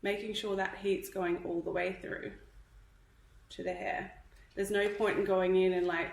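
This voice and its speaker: A woman's voice: on the low side, little pitch movement, unhurried, creaky, echoey room, low-quality recording. Chatty woman teaching hairstyling, a bit breathless. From Australia. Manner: chatty, instructive, checks in with "okay?". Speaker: hairdressing educator. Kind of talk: live tutorial.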